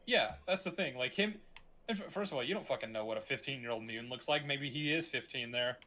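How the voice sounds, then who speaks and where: A man in casual gaming chat over a call, talking in animated, swearing rants with stammered restarts. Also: medium pitch, brisk. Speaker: co-host.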